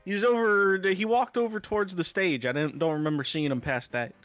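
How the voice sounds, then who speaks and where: A calm, unflappable adult adventurer, as a man plays him. He speaks in a slightly formal way and takes odd strangers in stride. His voice is a little low and quick in a tabletop game. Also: no room sound, faint music behind.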